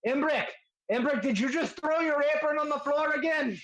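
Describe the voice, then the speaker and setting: A man's voice: very high voice, normal speed, a bit bright, voice pushed up, poor audio. A man voicing a grumpy, impatient male armorsmith who scolds his husband, in a tabletop game. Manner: complaining, scolding. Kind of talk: tabletop role-play voicing.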